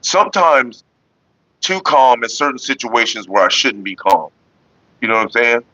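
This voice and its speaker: A man's voice: medium pitch, moderate pace, dry recording. Man, from Northern California, casual rambling monologue, laid-back, profane, dull lo-fi recording, dry sound. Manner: laid-back, profane, talks about staying calm. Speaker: vlog host answering viewer comments.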